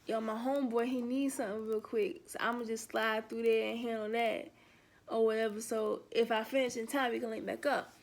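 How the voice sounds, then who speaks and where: A laid-back young man tries to sound cool and speaks in easy slang, as a woman puts on his voice. The voice sits a little lower and stays unbothered. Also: flat delivery, a little fast, natural voice. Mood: casual.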